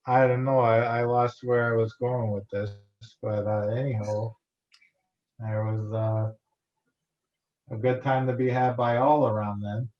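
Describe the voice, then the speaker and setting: A man's voice: mid-range voice, level tone, unhurried, close to an everyday voice. A man putting on a folksy guy's voice, rambling and chuckling as he talks. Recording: roomy, dull lo-fi sound.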